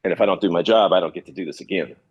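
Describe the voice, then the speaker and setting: A man in his thirties from California, a former pitcher telling stories in an easygoing interview, with many fillers and restarts. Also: rapid-fire, breathy edge, dull audio. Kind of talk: relaxed storytelling interview.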